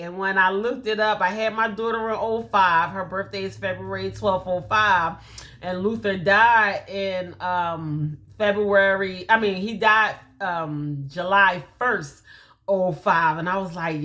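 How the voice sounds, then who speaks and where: A woman gives a casual motivational talk, telling stories and throwing in lively quoted asides. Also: mid-range voice. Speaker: host.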